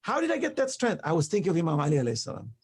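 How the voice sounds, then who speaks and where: A man with a rather high, breathy voice talks in rapid-fire bursts as a guest on a live online talk show. Earnest and emphatic, he tells animated stories full of quoted exchanges.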